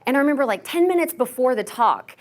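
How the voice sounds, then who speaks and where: A woman's voice: sits high, fast talker. Young woman telling a personal story from the stage. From Texas, USA. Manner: animated, heavy use of "like", acts out quoted voices; candid and self-mocking. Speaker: motivational keynote speaker.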